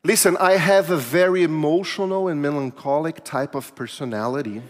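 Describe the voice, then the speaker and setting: A man preaching a sermon, telling a personal story in an animated, self-mocking way, often laughing. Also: a little high, moderate pace. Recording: long reverb of a large hall.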